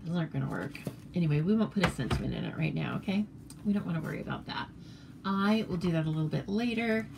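A woman's voice: on the low side, animated, quick pace, vocal fry, background noise. An American woman demonstrating papercraft cards in a casual, chatty tutorial, rambling with fillers and self-corrections.

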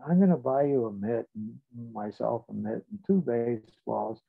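An older male psychotherapist tells stories from his practice at a measured pace, lifting and dropping his voice as he replays old dialogues. His voice is gravelly and comes through a tinny, phone-like line. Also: mid-range voice. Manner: measured, recounting dialogue with shifts in loudness. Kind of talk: reflective storytelling.

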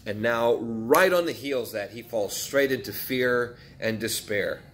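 Guy preaching a sermon, chatty, keeps asking the room questions, middle pitch. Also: a little slow, fairly bright tone. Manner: conversational, asks the listeners questions, acts out quotes. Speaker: pastor.

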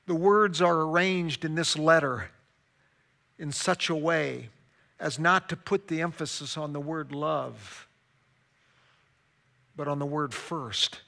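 A male pastor preaching a sermon dramatically, swinging from loud emphasis to hushed, quiet stretches. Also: on the high side, slow pace, creaky, long pauses.

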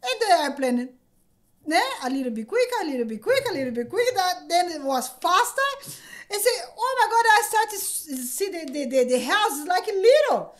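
Excited high-voiced woman. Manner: excited, laughing, halting with many repeated words. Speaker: podcast guest. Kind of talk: casual storytelling. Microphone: podcast microphone.

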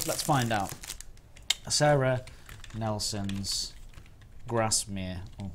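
A man's voice: mid-range voice, lively intonation, moderate pace, noisy background. A man chatting and joking on a live stream as he reviews biscuits, rambling with restarts. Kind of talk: casual live-stream chat.

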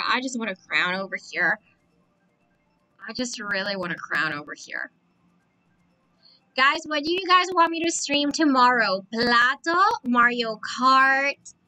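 Excitable high-voiced streamer woman. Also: rough recording. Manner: excitable, repeats exclamations. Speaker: live streamer. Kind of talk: excited gameplay commentary.

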